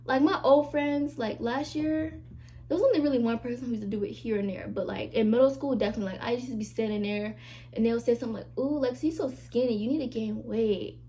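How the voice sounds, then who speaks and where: Quick and mellow, her voice sits on the high side as the young vlogger confides casually to the camera. She's chatty and emphatic, dropping plenty of "like" and "y'all" asides for her viewers.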